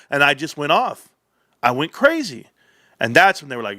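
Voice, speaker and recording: A man hosts a livestream and rambles through a story in an animated way, swearing and breaking off into asides. His voice is bright and forceful. It sounds dry and close, with no room around it. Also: mid-range voice, fairly quick, no room sound. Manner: animated, profane, with many restarts and asides. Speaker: livestream host.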